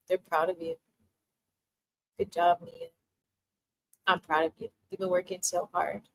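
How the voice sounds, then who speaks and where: A young adult woman hosting a casual spiritual livestream, reading out viewer comments and giving tarot readings with frequent laughter and warm affirmations. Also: on the low side, very animated, normal speed, vocal fry, long pauses, low-quality recording. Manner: bubbly, laughs often, emotional and affirming.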